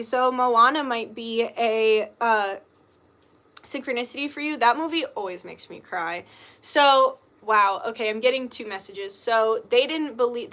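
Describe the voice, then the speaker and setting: A woman's voice: fairly high pitch, sharp tone. A woman reading tarot and chatting casually, rambling with lots of filler words and the odd swear word. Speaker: tarot reader. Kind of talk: casual livestream chat.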